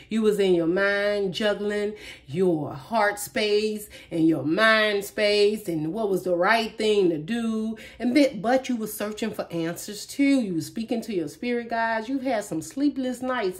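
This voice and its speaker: A woman's voice: medium pitch, unhurried. A woman giving a casual tarot reading, chatty and emphatic, talking straight to her viewers. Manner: emphatic, chatty, emotional, addresses viewers directly. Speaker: tarot reader.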